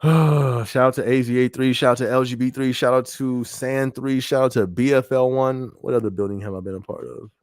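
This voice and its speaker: A man hosts a relaxed live-stream podcast, speaking briskly with hardly any pauses in a mid-range voice with fairly even intonation. He's conversational, repeats phrases, and keeps asking "you know what I mean," in a dry, studio-quality recording.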